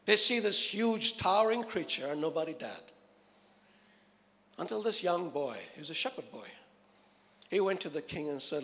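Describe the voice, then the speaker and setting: A man preaching a sermon, emphatic and repetitive, swinging from loud, driving lines to hushed, slow ones. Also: a little high, expressive, long reverb tail.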